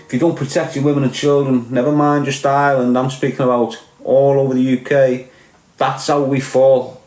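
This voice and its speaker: A man's voice: medium pitch, level tone, brisk, darkish tone. A man with a Liverpool accent hosting a casual livestream, rambling and emphatic, talking straight to his listeners. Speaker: podcast host. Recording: echoey room with music playing behind.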